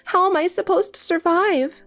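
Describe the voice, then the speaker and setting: A woman's voice: very high-pitched, moderate pace, a bit bright. A synthetic woman's voice playing a desperate, pleading married older sister in a text story, with faint music behind. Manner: pleading, insistent.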